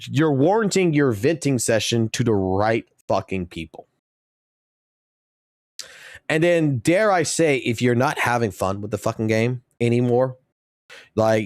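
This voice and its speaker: A man's voice: on the low side, a little mellow, dry recording, studio quality. A man in his thirties or forties, a game streamer ranting profanely and with exasperation during a live broadcast.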